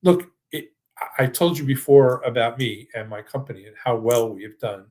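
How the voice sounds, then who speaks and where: An older man hosting a financial webinar, giving an enthusiastic sales pitch full of restarts and then answering audience questions. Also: moderate pace, mellow. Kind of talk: presentation and live Q&A.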